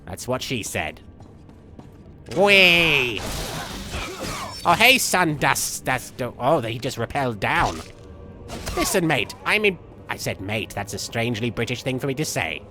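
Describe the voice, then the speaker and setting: A man's voice: medium pitch, very animated, a little slow, long pauses, pushed and bright, faint music behind. A man playing a manic, childish villain who rambles and jumps between jokes while streaming a game, sniffling from a cold. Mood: giddy rambling. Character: manic goofy male villain, childish and gleeful. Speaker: livestream gamer. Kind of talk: live game-stream commentary in character.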